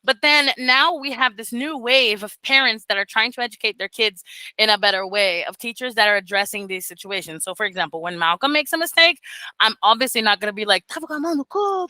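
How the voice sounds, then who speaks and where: A woman mentoring beginner English teachers on a video call, animated and laughing often as she talks casually. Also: a little high, brisk, clean tone, no room sound, rough recording.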